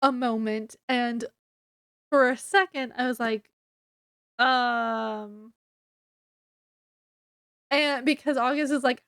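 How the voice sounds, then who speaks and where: A woman talks through a novel she has read, in a casual chatty way, with plenty of "um" and "like" and quick put-on quotes of the characters. Her voice sits high and she takes her time. The sound is dry and close, with no room around it. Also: fairly even intonation, fairly bright tone, smooth, dry recording. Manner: chatty, many fillers, acts out quotes. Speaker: book reviewer. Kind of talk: casual book review retelling.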